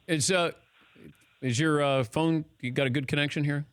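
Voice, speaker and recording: A man hosting a sports radio show in a studio, playful and quick to laugh. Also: on the high side, steady tone, clear, resonant tone, dry recording. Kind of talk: casual sports talk radio. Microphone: studio microphone.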